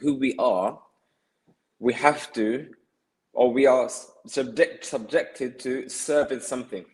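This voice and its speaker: A male podcast guest explains his ideas at length in a mid-pitched voice. He is earnest and often circles back over his words as he builds each point. His delivery stays conversational throughout. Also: slow, darkish tone, rough recording. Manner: earnest, explaining, many restarts and repeated words.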